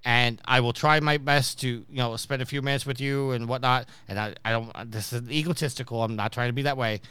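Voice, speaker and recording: A man's voice: medium pitch, fairly even intonation, brisk, pushed and bright, smooth, no room sound. A man from New York hosting a casual podcast and telling stories, acting out the people he quotes. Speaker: podcast host.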